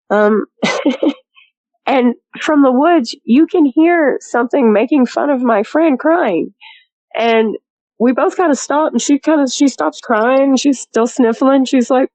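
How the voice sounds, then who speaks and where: A woman's voice: a little high, a little slow, darkish tone, dry recording, low-quality recording. A woman telling her story as a guest in a rambling, chatty way, full of "you know" and laughs. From rural area. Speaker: guest recounting a sighting. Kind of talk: casual storytelling.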